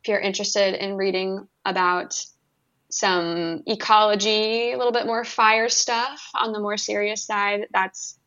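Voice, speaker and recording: A woman guest on a comedy podcast, speaking in a halting, easygoing way and repeating words. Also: mid-range voice, vocal fry, sharp tone, lo-fi sound. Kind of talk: casual podcast chat.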